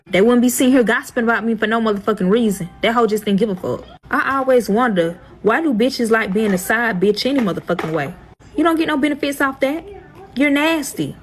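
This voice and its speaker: A young woman tells a storytime to her viewers. She is profane and exasperated and retells the story dramatically. Her voice sits a little high. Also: low-quality recording. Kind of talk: storytime vlog.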